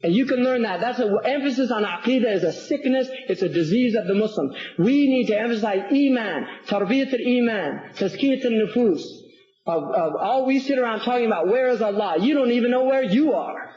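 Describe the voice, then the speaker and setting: A man, an Islamic scholar, giving a public lecture and answering audience questions, animated and sarcastic, often repeating words as he builds a point. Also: extremely high pitch, brisk. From United States. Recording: roomy, dull lecture hall recording.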